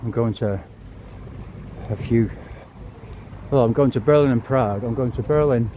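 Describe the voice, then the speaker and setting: A man in his fifties talks as he walks through city streets, a bit out of breath. His voice sits at an ordinary pitch, and his chat is rambling and sweary. A clip-on mic picks him up, with clear street noise behind him. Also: moderate pace, dark tone. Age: 50s. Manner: chatty, rambling, swears and apologizes. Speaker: travel vlogger. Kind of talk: casual walking vlog. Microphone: clip-on mic to phone.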